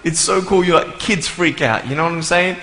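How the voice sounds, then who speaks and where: A man's voice: a little high, a little fast, bright, forceful tone, a little hiss or hum. A man giving a humorous live talk to an audience as a motivational speaker, joking playfully and acting out voices and sounds. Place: large hall before a live audience. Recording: echoey hall, long reverb, faint ambience.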